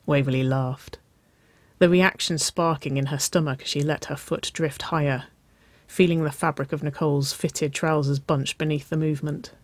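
Soft story reader, dry sound. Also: mid-range voice, steady tone, moderate pace, no echo. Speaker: narrator. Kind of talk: reading romance fan fiction aloud.

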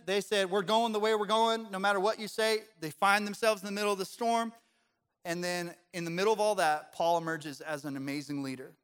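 A man preaches in a bright, fairly high voice, chatty and animated, with jokes mixed into the sermon. When he comes to the main point, he settles into a quieter, measured tone. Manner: conversational, animated preaching with humor. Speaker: pastor.

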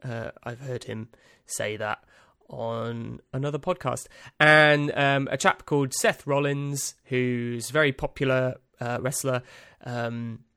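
Slow, rambling man, dry studio sound. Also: mid-range voice, steady tone, sharp tone, smooth, no echo. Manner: rambling, dry, self-amused, lots of ums and uhs. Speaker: podcast host. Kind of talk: casual solo podcast monologue.

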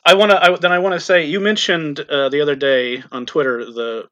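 A man's voice: on the high side, fairly even intonation, a little fast, pushed and bright, lo-fi sound. A man co-hosting a casual film podcast, talking thoughtfully with frequent ums and restarts. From Irish extraction. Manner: thoughtful, hesitant, many fillers. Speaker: podcast co-host.

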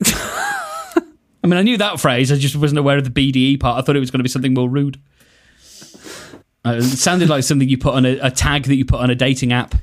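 A man's voice: mid-range voice, big pitch swings, a little fast, long pauses. A man co-hosting a comedy podcast, talking playfully and breaking into silly voices. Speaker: podcast co-host. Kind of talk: casual comedic chat.

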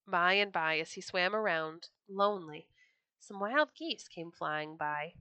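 Bright-voiced woman reading a children's story. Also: lowish voice, unhurried, smooth, no room sound. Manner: expressive, gentle storytelling.

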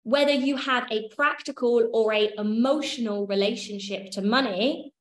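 A woman's voice: a little high, normal speed. Chatty woman teaching in an echoey room. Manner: chatty, swears casually, checks in with listeners. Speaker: workshop leader. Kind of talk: casual teaching talk.

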